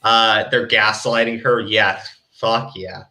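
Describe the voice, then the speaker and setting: Bright-voiced blunt male streamer. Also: on the low side, steady tone, takes it slowly, poor audio. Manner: blunt, profane, stammering restarts. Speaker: stream co-host. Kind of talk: casual reaction commentary.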